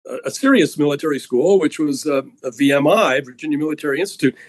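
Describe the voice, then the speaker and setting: A man hosting an interview, speaking in a halting way with many fillers. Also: a little high, lively intonation, rough recording. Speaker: interview host. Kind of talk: conversational interview.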